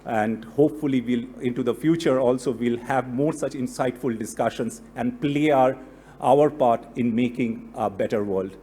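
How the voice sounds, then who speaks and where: A man's voice: medium pitch, normal speed, mellow, a little hiss or hum. A man, a deputy director, giving a formal thank-you speech after a lecture, hesitant with many fillers. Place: lecture hall.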